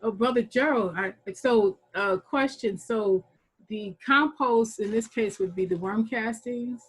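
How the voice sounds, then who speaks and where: Husky, enthusiastic woman host. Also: fairly high pitch, measured pace, poor audio. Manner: enthusiastic, chatty, laughs often. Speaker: workshop host. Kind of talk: casual online workshop moderating.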